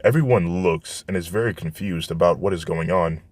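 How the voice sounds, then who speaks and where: A man with a deep, low voice narrates a fan fiction story in a plain, unpolished way, restarting phrases as he goes. The recording is dry and close. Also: moderate pace, darkish tone, dry recording.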